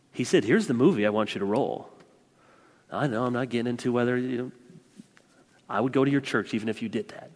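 A man in his thirties preaching a sermon, swinging between loud proclaiming and quiet, confiding asides. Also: medium pitch, big-room sound. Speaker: pastor.

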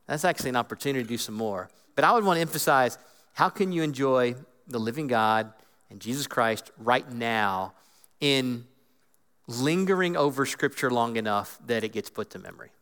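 A man's voice: medium pitch, normal speed, clear, resonant tone. Earnest man teaching, reverberant room. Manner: earnest, animated, acts out inner voices. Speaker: guest speaker on Scripture. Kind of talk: casual teaching talk. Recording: long hall reverb.

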